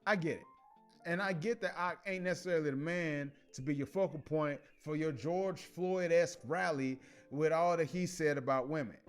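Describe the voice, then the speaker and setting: Sex: man. Role: commentary host. Style: casual talk. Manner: animated, laughing. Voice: fairly high. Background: faint music. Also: moderate pace, smooth. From Chicago. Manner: animated, laughs often, many restarts and slang.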